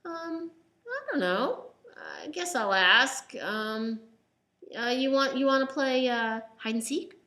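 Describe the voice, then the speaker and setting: A woman's voice: high-pitched, animated, slow, bright, forceful tone, voice pushed up, full character voice. A woman doing a shy, hesitant young boy. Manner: hesitant, full of ums.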